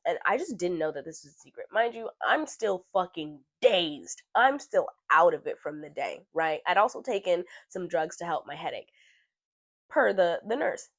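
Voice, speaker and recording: Candid young podcaster with vocal fry. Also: medium pitch, moderate pace, no room sound. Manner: candid, swears freely, animated when retelling scenes. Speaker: podcast host. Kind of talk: candid personal storytelling.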